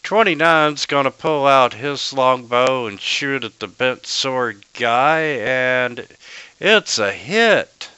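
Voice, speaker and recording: A man running a tabletop game who talks very slowly and in a measured way. His voice is bright and very clear, recorded dry and close. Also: mid-range voice, expressive, dry recording. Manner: slow, halting narration of combat rolls. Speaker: game master.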